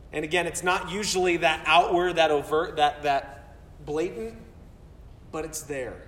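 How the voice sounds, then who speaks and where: A man preaching to his congregation, his voice pitched notably high. He speaks earnestly and doubles back on words when he presses a point. The sound comes from a distance and rings through a large, reverberant sanctuary. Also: a little slow, fairly bright tone, a little hiss or hum. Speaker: pastor. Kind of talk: sermon. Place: church sanctuary. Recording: roomy hall from far off.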